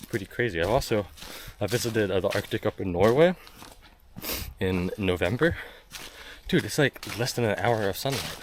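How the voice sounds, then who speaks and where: A man from the US talks in a deep, low voice, rambling and joking at his own expense as he walks outdoors. He films on a handheld phone, and clear outdoor noise runs under his voice. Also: animated, moderate pace. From United States. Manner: rambling, self-deprecating, many fillers. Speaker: travel vlogger. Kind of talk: casual walking vlog. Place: outdoors on a rural back road. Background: footsteps on gravel and leaves, outdoor sounds.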